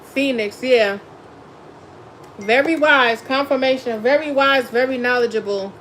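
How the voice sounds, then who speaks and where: A woman's voice: a little high, slight background noise, rough recording. A woman tarot reader chatting casually on a live stream, laughing often and talking in a blunt, slangy way. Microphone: phone or webcam on a live stream.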